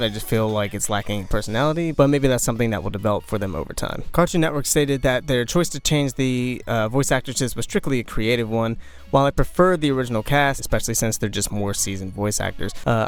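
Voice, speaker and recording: A young adult man hosting his own channel, giving a casual, opinionated review with joking asides. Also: medium pitch. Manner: opinionated, conversational, jokey asides. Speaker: cartoon reviewer, channel host.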